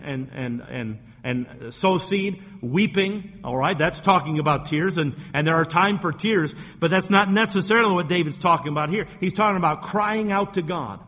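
A man's voice: high-pitched, a bit bright. Earnest male preacher in a reverberant hall. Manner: earnest preaching with repeated words and rising emphasis. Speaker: pastor. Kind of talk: sermon.

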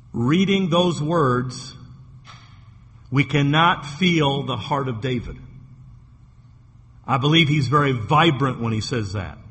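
A man preaching a sermon in an earnest way, reading verses slowly and often restarting his sentences. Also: on the high side, a bit bright. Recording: echoey hall.

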